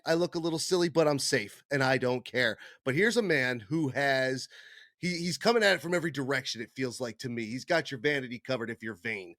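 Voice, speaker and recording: A man's voice: mid-range voice, no room sound, clean studio sound. A man hosting a casual podcast, rambling and joking at his own expense. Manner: jokey, rambling, self-deprecating. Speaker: podcast host.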